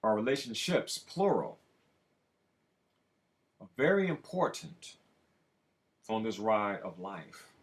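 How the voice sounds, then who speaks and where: Emphatic preaching man, lively pitch. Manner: emphatic and preachy, slow drawn-out phrases with sudden loud rises. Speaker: spiritual self-help speaker. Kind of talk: preaching monologue to camera.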